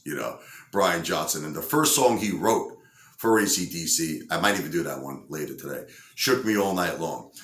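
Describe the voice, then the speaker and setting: A man's voice: deep voice, fairly bright tone, echoey room. A man casually telling a story with lots of fillers, acting out quotes in other voices. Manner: rambling, many fillers, acts out quotes. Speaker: entertainer storyteller.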